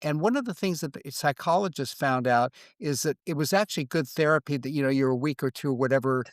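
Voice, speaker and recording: A man in his seventies, a veteran guest in an interview conversation, speaking in a reflective, halting way and acting out quoted exchanges. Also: on the high side, dry recording.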